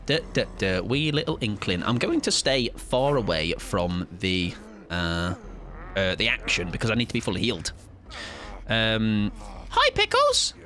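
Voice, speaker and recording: A man with a British accent giving animated live gaming commentary, swearing and laughing a lot. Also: fairly low pitch, moderate pace. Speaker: streamer. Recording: game music playing under the voice.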